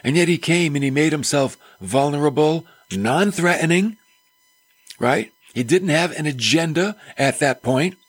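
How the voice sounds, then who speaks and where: A man's voice: fairly high pitch, animated, unhurried, husky, no room sound. A male preacher giving a conversational sermon, full of rhetorical questions.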